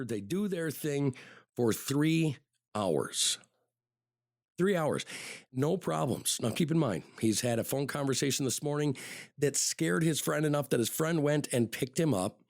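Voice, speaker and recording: A man's voice: fairly high pitch, brisk, gravelly, a little mellow, no echo, studio quality. A man hosting a podcast, telling a true-crime story in a loose, conversational way, often repeating words and saying "you know". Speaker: podcast host.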